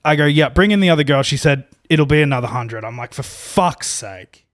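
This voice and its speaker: A man's voice: on the high side, fast, no echo, clean studio sound. A man co-hosting a podcast, telling a long, rambling, self-deprecating story in a casual, profane way, full of restarts. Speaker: podcast co-host.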